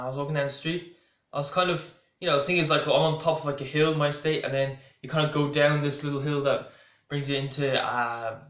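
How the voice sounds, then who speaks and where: A man's voice: fairly high pitch, fairly bright tone. Rambling Irish man in a roomy echo. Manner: rambling, full of restarts and asides. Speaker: vlogger. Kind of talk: casual storytelling to camera.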